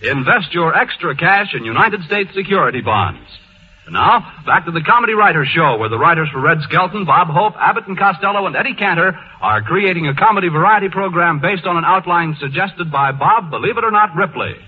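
A man reading an announcement in a smooth, persuasive way on old radio. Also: a little high, expressive, a little fast. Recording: tinny old radio with hiss.

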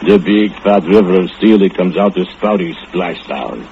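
An actor playing a brooding, drunken foundry laborer, speaking broken English in a low murmur, in 1940s radio acting. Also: male voice, moderate pace, a little hiss or hum. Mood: gloating. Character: brooding drunken foundry laborer who killed his rival. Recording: dull old radio recording with loud music.

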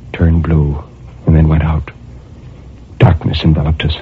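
A man narrating a dark first-person story in a brooding, intense, measured way. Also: a bass voice, completely flat delivery, slight background noise. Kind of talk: dramatic story reading. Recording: tinny phone-like audio.

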